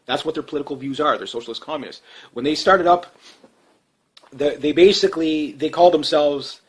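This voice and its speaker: A man's voice: fairly high pitch, a little fast. A man giving a casual, rambling political rant to his channel's viewers, sarcastic, with chuckling asides. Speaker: political commentary vlogger.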